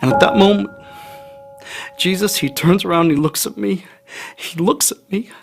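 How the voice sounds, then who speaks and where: Male actor as a guilt-stricken fisherman disciple, slightly high voice, halting confessional monologue over soft music. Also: creaky. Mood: remorseful. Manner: confessional, halting, rising to anguished outbursts. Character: remorseful male fisherman disciple, haunted by his denial. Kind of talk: dramatic first-person monologue in worship. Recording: soft music playing beneath the voice.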